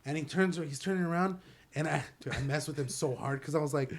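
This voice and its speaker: A man's voice: on the high side, quick pace. A young man telling stories in a casual chat with friends, stumbling and repeating words as he talks.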